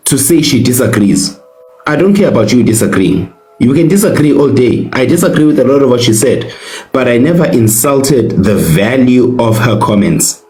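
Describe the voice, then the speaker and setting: A man's voice: medium pitch, a little mellow, echoey room, low-quality recording. A South African man on a live panel debate, speaking indignantly and repeating his points for emphasis.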